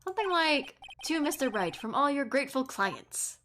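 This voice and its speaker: A wry young male lawyer from a game, dry and a little sarcastic, as a woman reads him plainly. The voice sits fairly high and stays easy-going. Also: sing-song, moderate pace, bright, forceful tone, slight background noise, full character voice. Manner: plain reading, wry asides.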